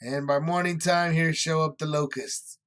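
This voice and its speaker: A man's voice: fairly high pitch, fairly even intonation, moderate pace, fairly bright tone, smooth. A man leading a casual Bible study, explaining scripture in everyday words with lots of fillers.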